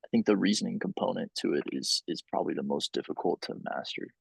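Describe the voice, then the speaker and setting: A man with a low, gravelly and slightly husky voice works through his ideas with hesitant restarts. The sound is dry and close to the mic. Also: quick pace, dry recording, low-quality recording. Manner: thoughtful, hesitant, many restarts and fillers. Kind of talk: casual conversation.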